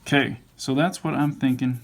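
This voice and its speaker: A man's voice: mid-range voice, fairly even intonation, normal speed, creaky. A man teaching drawing, thinking aloud and mumbling to himself as he sketches and corrects his lines. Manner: mumbling, self-correcting as he draws. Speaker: drawing instructor. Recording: faint background noise.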